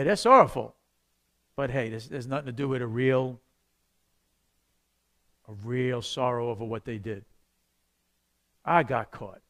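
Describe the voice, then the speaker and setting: A man, a pastor, teaching a church evangelism class in a conversational, animated way, acting out the voices he quotes. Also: on the high side.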